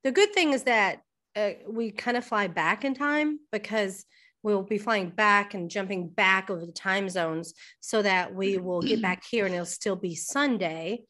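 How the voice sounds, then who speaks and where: A woman's voice: medium pitch, a little slow, pushed and bright. A middle-aged woman co-hosting a casual podcast, chatting loosely and sometimes talking while she eats. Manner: chatty, talks while eating, frequent restarts. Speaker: podcast co-host. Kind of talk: casual chat.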